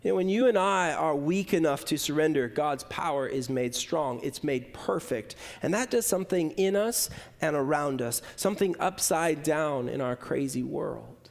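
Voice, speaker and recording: High-voiced man preaching with dramatic swings. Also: expressive, gravelly. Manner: dramatic swings between loud emphasis and hushed, slow lines; rhythmic, list-like repetition. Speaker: pastor. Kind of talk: sermon.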